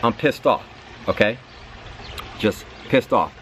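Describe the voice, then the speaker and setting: Animated low-voiced man telling a story. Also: slow, a little hiss or hum. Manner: animated storytelling, repeats words, acts out his own reactions. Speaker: sports channel host. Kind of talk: casual commentary monologue.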